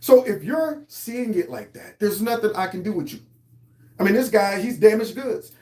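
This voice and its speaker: Sarcasm and heated mockery drive this man's political commentary on the show he hosts. His high-pitched voice is animated and a little mellow, moving at normal speed, and the recording carries a roomy echo.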